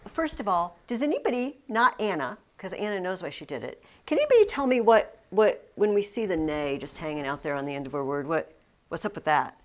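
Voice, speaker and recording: A woman teaching a Latin class in a classroom, explaining slowly with frequent restarts. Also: fairly low pitch, very animated. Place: classroom with students.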